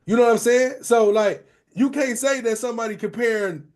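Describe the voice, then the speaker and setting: Man, high voice, relaxed, lots of filler checks, casual discussion. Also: a little fast. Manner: relaxed, fills talk with "you know what I'm saying". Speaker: discussion participant.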